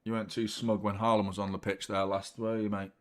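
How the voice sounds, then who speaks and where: Excitable sweary man hosting a watchalong. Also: on the low side, fast. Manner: excitable, swears freely, chatty with the live chat. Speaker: host of a football watchalong stream. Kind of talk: live match commentary and chat with viewers.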